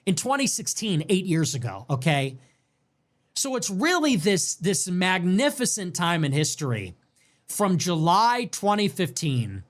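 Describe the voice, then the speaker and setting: A man giving an emphatic, animated political monologue, full of "like" fillers and restarts. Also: high voice. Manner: animated, emphatic, swings between excited and somber. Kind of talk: casual monologue.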